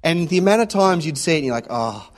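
A man with a slightly raised pitch delivers a casual sermon. He talks in a loose, anecdotal way, trailing into stories and checking in with the listeners as he goes. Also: animated, quick pace. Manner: conversational, anecdotal, checks in with "yeah?". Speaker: preacher.

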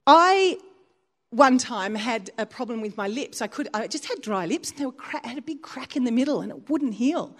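A woman preaching a sermon in a church, in a fairly high voice. She tells stories with animated swings of pitch and often laughs. Her delivery is personal and conversational. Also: normal speed.

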